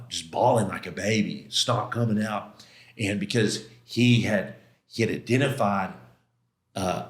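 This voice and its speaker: A man's voice: lowish voice, fairly bright tone. A man being interviewed as a podcast guest, telling a personal story in a casual, slangy, emphatic way and acting out his own past outbursts. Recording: roomy echo.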